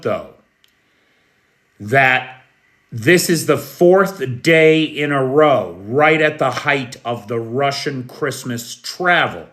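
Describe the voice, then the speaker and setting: A man from the United States hosting a live news stream, speaking in a slow, measured, friendly way and greeting chat viewers by name. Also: mid-range voice, a bit bright. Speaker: news livestream host. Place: Kyiv, Ukraine.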